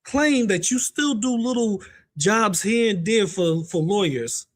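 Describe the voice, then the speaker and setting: A man hosting commentary on online drama, talking in an animated, mocking way and often breaking into laughter. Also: high-pitched, a little slow. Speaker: commentary host.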